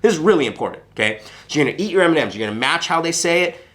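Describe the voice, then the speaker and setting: A man's voice: fairly high pitch, expressive, very fast, fairly bright tone. Emphatic man coaching on sales. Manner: emphatic, punchy, repeats key points. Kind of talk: coaching talk to camera.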